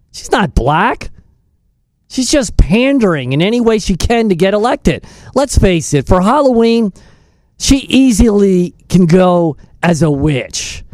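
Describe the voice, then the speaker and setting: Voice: medium pitch, darkish tone, dry recording, clean studio sound. A radio talk show host delivering scornful political commentary, mocking and sarcastic. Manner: mocking, scornful, breaks into mimicking voices.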